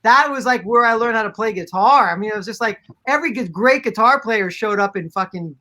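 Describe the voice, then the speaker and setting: A man speaking as a guest on a panel, jumping in excitedly and swearing casually. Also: high voice, a little fast. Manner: excited, profane, talks over others. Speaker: guest musician.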